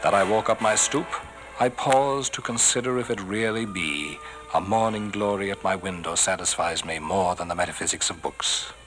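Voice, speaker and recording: A man giving a theatrical poetry recitation, swelling on some phrases and dropping to a hushed whisper on refrains. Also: fairly low pitch, poor audio. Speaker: poetry reader.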